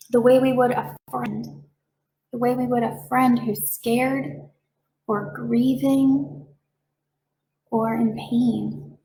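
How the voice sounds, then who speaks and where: Reiki lady talking gently, kinda high voice, reassuring, bit of room echo. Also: slight background noise. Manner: calm, reassuring, with playful voiced asides. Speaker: reiki practitioner. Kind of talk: gentle explanatory talk.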